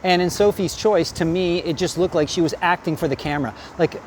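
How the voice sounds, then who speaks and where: Man vlogger, high-pitched, blunt and rambling opinion piece, faint street noise behind. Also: a little fast, hardly any pauses. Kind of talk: opinionated commentary.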